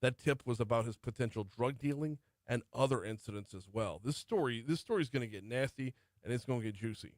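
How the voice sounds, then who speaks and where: A middle-aged man's medium-pitched voice moves briskly, with hardly any pauses, through a talk radio news rundown. As morning show host he breaks off into chatty asides, heard dry and close on a studio microphone with no room sound.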